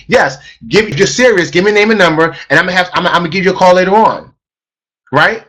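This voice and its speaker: A man's voice: high voice, fast talker, fairly bright tone, a little hiss or hum. A man teaching a live online sales webinar as a trainer, talking emphatically and repeating key phrases for stress.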